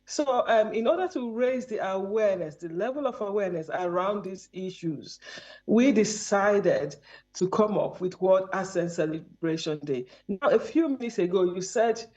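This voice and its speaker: A woman's voice: medium pitch, normal speed, dark tone. A woman from Nigeria with a Nigerian accent, a guest in a remote interview, speaking earnestly and measuredly with frequent ums. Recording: dull lo-fi audio.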